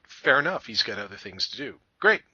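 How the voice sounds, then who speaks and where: A man from Canada hosting a podcast, telling rambling, animated stories in a casual chat. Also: mid-range voice, fairly quick, breathy edge, dry recording, dull audio. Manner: rambling, animated storyteller who breaks into funny voices. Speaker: podcast host.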